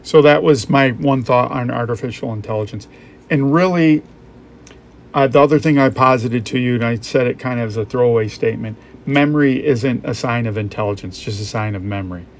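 A man's voice: medium pitch, fairly quick. A man giving rambling, reflective commentary while playing a game, thinking aloud as he goes. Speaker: gaming YouTuber. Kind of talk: casual musing commentary over gameplay.

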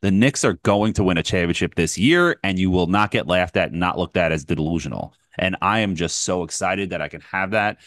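A man co-hosting a sports podcast, excitedly ranting as a hyped fan, tired and short on sleep. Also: low-pitched, dry recording, clean studio sound. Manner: excited, ranting, fast bursts. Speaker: podcast co-host, Knicks fan. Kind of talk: casual sports chat.

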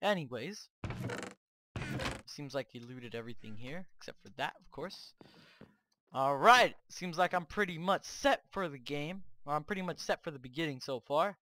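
A man with a high, keyed-up voice and a bright, sharp edge talks over his own Minecraft match. He is excitable and boastful, trash-talking the other players. The sound comes from a cheap microphone. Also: moderate pace, a little hiss or hum. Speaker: gaming channel host. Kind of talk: Minecraft gameplay commentary.

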